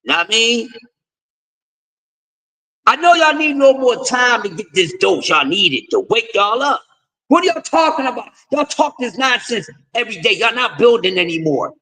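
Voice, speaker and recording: Male stream host, very high-pitched, profane lecturing rant. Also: very animated, moderate pace, sharp tone, rough recording. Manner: profane, confrontational, lecturing with repeated refrains. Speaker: host of a boxing talk stream. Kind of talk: ranting commentary.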